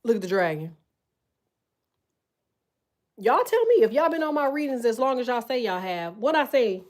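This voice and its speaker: A woman giving a loud, animated, profanity-filled casual tarot reading, full of slang. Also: fairly high pitch, normal speed. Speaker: tarot reader.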